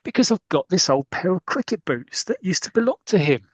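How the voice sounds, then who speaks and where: A man's voice: sits high, big pitch swings, a little fast, slightly rough, no room sound, voice pushed up, exaggerated voice. A man reading aloud the lines of a kindly old male gardener from a comic strip.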